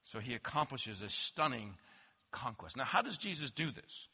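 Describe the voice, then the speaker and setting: A man preaching a sermon as pastor, swinging from loud emphatic declarations to hushed low asides. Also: very animated, normal speed, breathy edge. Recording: long hall reverb.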